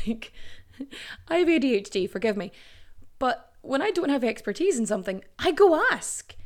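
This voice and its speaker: A young woman talks straight to her listeners in a loose, chatty podcast monologue. Her voice sits a little high. She swears freely and drifts into playful, self-mocking asides. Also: expressive, normal speed, a little mellow. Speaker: podcast host. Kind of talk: casual solo podcast monologue.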